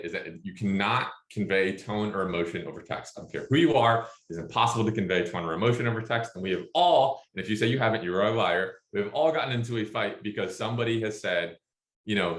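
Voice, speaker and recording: A man who co-founded a startup, talking casually and with animation, full of quick asides and slang. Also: lowish voice, fairly bright tone, roomy sound. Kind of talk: casual talk, answering questions.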